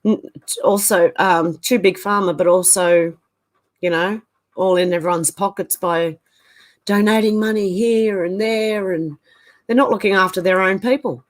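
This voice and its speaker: A woman's voice: medium pitch, steady tone, unhurried. A woman hosting a casual livestream, reading out viewer comments and thinking aloud with hesitant asides. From Australia.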